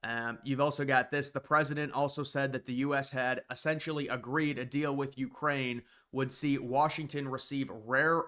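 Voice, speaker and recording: A man's voice: medium pitch, pushed and bright. A man giving opinionated, off-the-cuff political commentary with frequent restarts. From United States.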